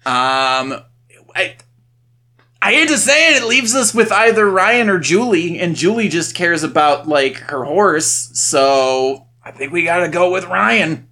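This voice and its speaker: A man co-hosting a podcast from home, talking in a casual, animated way. His voice is bright and ringing, and his pitch swings widely. He swears freely and laughs easily. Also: a little slow. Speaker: podcast co-host. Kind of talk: casual chat. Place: home recording setup.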